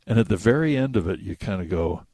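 A man hosting a casual radio chat about movies, telling the story with animated acted-out quotes. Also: lowish voice, fast talker, breathy edge, no room sound. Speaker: radio host.

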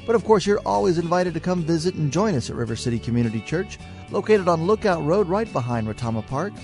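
A man reading a scripted radio outro in a smooth, even announcing voice. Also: a little high, quick pace, faint music behind.

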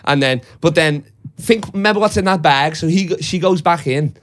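A man's voice: on the high side, moderate pace. A young man telling a rambling story in casual chat, with lots of swearing and laughing. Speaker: podcast co-host.

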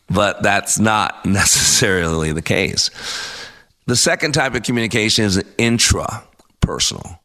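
Bright-voiced man hosting motivational radio. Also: on the low side. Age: 50s. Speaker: radio host.

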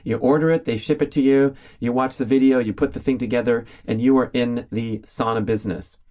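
A man's voice: medium pitch, steady tone, fairly quick, a little mellow. Upbeat, chatty man hosting a podcast. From California, US. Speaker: podcast host. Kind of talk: casual solo podcast monologue.

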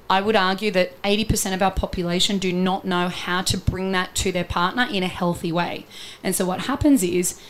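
A woman's voice: medium pitch, a little hiss or hum. A woman relationship coach talking in an interview, explaining her ideas earnestly and walking through everyday examples. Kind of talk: conversational interview.

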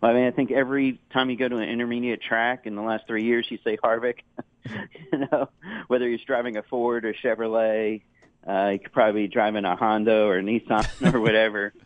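A man, a motorsports reporter, talking as a guest over the phone in a measured way with many fillers. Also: fairly low pitch, flat delivery, no room sound. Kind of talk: phone interview. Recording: tinny phone line.

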